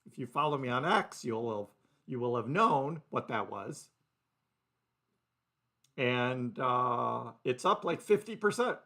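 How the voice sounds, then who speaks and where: A man with a medium-pitched, animated, sharp-toned voice hosts a casual crypto livestream into a desk mic, speaking slowly with frequent pauses. He rambles chattily through live market commentary, laughing often and greeting his chat viewers by name.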